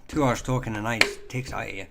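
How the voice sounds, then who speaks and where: A man hosting a casual live stream, answering viewer questions in a halting way, full of ums and restarts, chatty and self-deprecating. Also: medium pitch, fairly even intonation, gravelly, very noisy.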